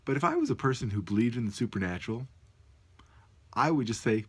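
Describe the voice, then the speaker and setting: A man's voice: medium pitch, animated, fast talker, breathy edge. A man talking casually to the camera from his computer at home at night, amused and musing aloud. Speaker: vlogger.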